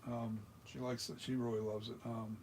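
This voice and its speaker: A man's voice: medium pitch, little pitch movement, normal speed, a little mellow, a little hiss or hum. Rambling South Jersey man in his workshop. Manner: rambling, mutters to himself, restarts. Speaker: mask maker. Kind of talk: casual workshop chat while working.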